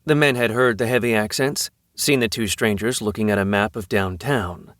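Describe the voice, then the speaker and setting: Measured male audiobook narrator. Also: fairly low pitch, dry recording, clean studio sound. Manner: even, measured storytelling. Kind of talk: scripted narration.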